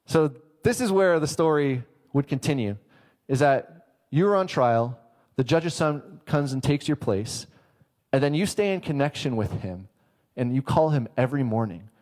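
Male preacher, mid-pitch, relaxed and conversational, acts out his illustrations with quick character voices. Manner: casual, self-correcting, laughs at his own example. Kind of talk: sermon.

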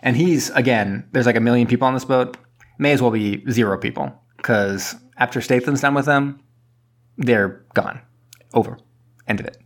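A man chatting loosely as a podcast co-host, retelling an action movie scene by scene. He rambles, restarts and flips into quick voices for the characters. His voice sits at an ordinary middle pitch. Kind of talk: casual movie recap chat.

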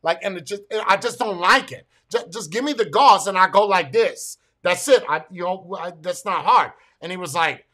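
A man ranting through a casual, profane story, excitable and full of stumbling restarts. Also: sits high, fast talker. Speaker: military veteran telling a story.

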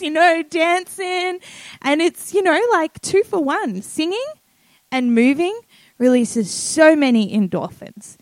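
A woman's voice: very high voice, expressive, slow pace, fairly bright tone, no echo. A young woman telling a casual story, chatty with lots of "like" and "um". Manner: chatty, many fillers like "like" and "um". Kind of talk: casual anecdote.

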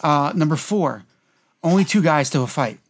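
A man chatting casually about a movie, animated as he lists things off. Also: on the high side, normal speed.

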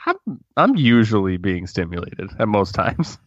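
A man joking and ribbing his co-hosts in a casual podcast chat. His pitch leaps around animatedly. The sound is dry and a little muffled. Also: sing-song, moderate pace, no room sound. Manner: joking, teasing, mock accents.

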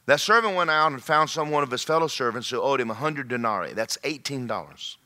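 A pastor delivers a sermon, his voice swinging between loud, urgent lines and quiet asides. His bright, forceful tone shifts widely in pitch, and his animated delivery runs a little fast.

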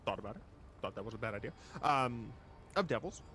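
A man playing a tabletop game, talking in a hesitant, halting way. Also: medium pitch, animated, pushed and bright, slight background noise. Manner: hesitant, halting, filler-heavy. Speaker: player. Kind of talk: casual tabletop game chat.

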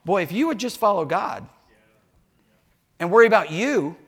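Preaching in a church sanctuary, an older pastor speaks in a husky voice that sits high, at a moderate pace. His sermon is animated storytelling, homespun tales sprinkled with jokes and asides to the congregation.

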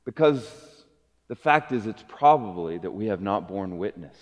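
A man's voice: animated, moderate pace. Man preaching in a reverberant hall. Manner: earnest, builds to emphatic rises with soft low drops. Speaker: pastor. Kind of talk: sermon.

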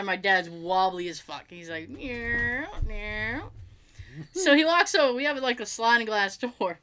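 Middle-aged woman, storyteller; animated, high and bright, acts out every quote. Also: smooth. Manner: animated, laughs often while telling, acts out quotes. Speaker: storyteller in a chat. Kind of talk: casual anecdote telling.

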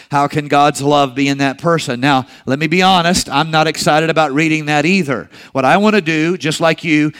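A man's voice: fairly high pitch, fairly bright tone, smooth. A middle-aged male pastor preaching a sermon in a conversational way, with personal asides and occasional restarts.

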